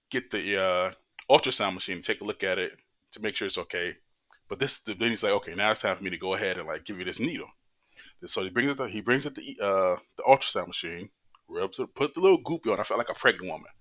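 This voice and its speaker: A man casually telling a personal story to camera, swearing and acting out what people said. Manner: animated, swearing, acts out quotes with high-pitched voices.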